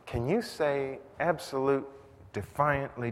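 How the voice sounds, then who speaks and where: A man's voice: medium pitch, unhurried. A man preaching a sermon in a conversational style that builds to intense emphasis. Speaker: pastor. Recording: long reverb, faint noise.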